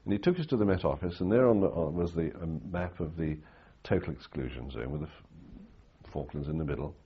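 Old guy rambling through war stories, low husky voice, kinda muffled recording. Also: lively intonation, fairly quick. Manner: anecdotal, rambling with restarts and fillers. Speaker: interviewee recalling war reporting. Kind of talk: storytelling in an interview.

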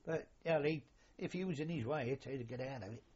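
A man's voice: medium pitch, fast, a little mellow, breathy edge. An older man, reminiscing casually about his years as a sailor, in a rambling, colloquial way with mild swearing. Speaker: interviewee, former royal yacht sailor. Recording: lo-fi dull recording.

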